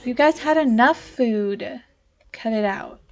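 Slow-talking woman scolding her game characters. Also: fairly high pitch. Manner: talks to the game characters, easily exasperated. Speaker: let's play host. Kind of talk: casual gameplay commentary.

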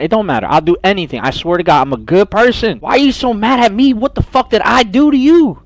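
A young man streaming a horror game, loud, profane and jumpy, talking to his chat and to the game characters. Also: high-pitched, expressive, fairly quick, dry recording. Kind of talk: horror game playthrough commentary.

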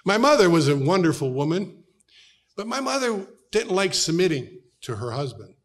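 A middle-aged man with an American accent, preaching a sermon as a pastor, telling stories and dropping from loud to hushed tones. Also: high voice, very animated, moderate pace. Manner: storytelling, shifts from loud to hushed.

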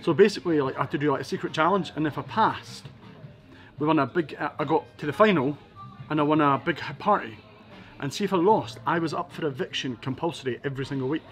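A Scottish man telling his life story in a casual interview, quick and lively, acting out the people in his stories. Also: fairly high pitch, faint music behind. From Scotland. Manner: fast, lively storytelling with acted-out quotes.

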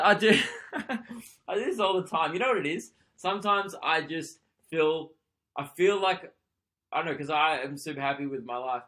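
Young Aussie male comedian, bright, slightly high voice, self-deprecating home podcast ramble. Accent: Australian. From Australia. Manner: rambling, self-mocking, quick asides and laughs. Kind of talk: casual solo podcast rant. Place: lounge room at home. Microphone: desk podcast microphone.

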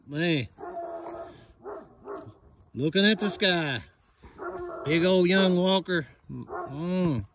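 An older man calls out to a hound and his granddaughter on a hunt in the woods, folksy and excited, filmed on a handheld camera. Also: high-pitched, very slow, pauses often, crowd noise. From West Virginia. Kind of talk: casual outdoor chat. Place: woods outdoors at night. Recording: noisy outdoors with barking dogs.

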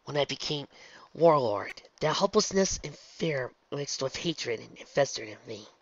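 A man voicing a remorseful, regal female pony princess, speaking in a soft, measured way. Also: mid-range voice, expressive, no echo. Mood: solemn. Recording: dull lo-fi, dry.

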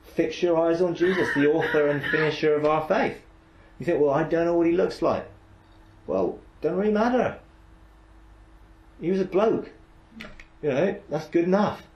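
Speaking at normal speed in a fairly high, slightly mellow voice, a man leads a faith meditation exercise as an informal teaching session. He pauses often and rambles conversationally, full of asides, restarts, and "you know," with a roomy echo on the recording.

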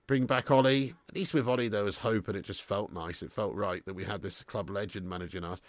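A man's voice: fairly low pitch, fairly even intonation, brisk, no room sound. A young man hosting a live football watch-along, reading out viewer comments and sounding frustrated, blunt and given to casual swearing. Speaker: football fan channel host.

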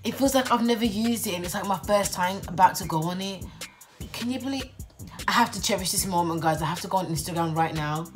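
A young woman talks straight to her phone camera in a casual, giggly vlog. Her voice sits a little low, and she stretches her exclamations out. Faint music plays softly behind her. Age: young adult. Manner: chatty and giggly, drawn-out exclamations. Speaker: vlogger. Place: bedroom.

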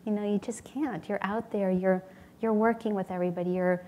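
A woman's voice: mid-range voice, steady tone, brisk, warm tone, slight background noise. Earnest woman giving a sermon. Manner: earnest, storytelling with acted-out voices and laughter. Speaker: speaker giving a talk at a spiritual community.

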